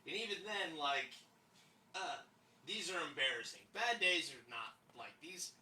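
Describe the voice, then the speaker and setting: A bright, slightly high-voiced man telling comic stories on a podcast, swearing freely and jumping into his friends' voices. He is heard from a little back in an echoey room with faint hiss underneath. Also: a little slow, far from the mic. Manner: animated storyteller, swears a lot, voices friends in quotes. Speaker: podcast co-host. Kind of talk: casual comedic chat, storytelling.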